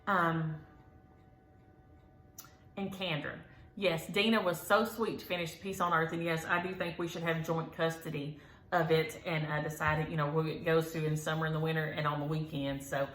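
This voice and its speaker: Lady rambling on her stitching vlog, lots of ums, low voice. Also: fairly even intonation, moderate pace, fairly bright tone, reverberant. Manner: rambling and folksy, many ums. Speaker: flosstube host. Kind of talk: casual chat to viewers. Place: room at home.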